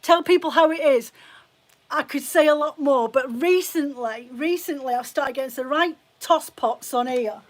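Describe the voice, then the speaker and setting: Blunt high-voiced British woman. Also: normal speed. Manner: blunt, chatty, swears freely. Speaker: fibre shop owner hosting a live chat. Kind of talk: casual live-stream chat.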